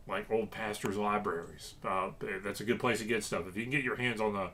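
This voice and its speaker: A man's voice: on the low side, fairly bright tone. Rambling man from Louisiana. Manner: rambling, many fillers and restarts. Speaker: reseller vlogger. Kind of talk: casual chat to camera.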